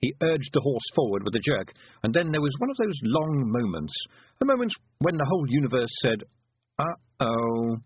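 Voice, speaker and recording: A man narrating a fantasy storybook with an expressive, varied delivery. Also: mid-range voice, brisk, breathy edge. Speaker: audiobook narrator. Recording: tinny phone-like dry recording.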